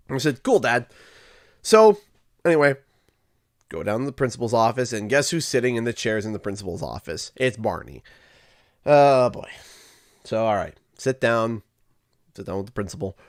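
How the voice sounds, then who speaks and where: A man from Canada hosting a livestream, telling a school story in a casual, animated way. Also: medium pitch, brisk. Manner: animated, acts out quoted voices. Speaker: livestream host.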